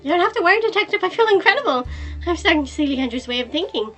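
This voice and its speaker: A woman's voice: high voice, quick pace, soft background music, close to an everyday voice. A woman voicing a lovestruck, flirtatious female cop in a visual novel reading, sing-song and teasing. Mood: giddy.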